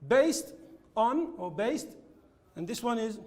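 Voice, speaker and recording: A man teaching an English lesson, explaining linking words slowly and repeating his examples. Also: very high voice, very animated, darkish tone. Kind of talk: classroom lesson with slides.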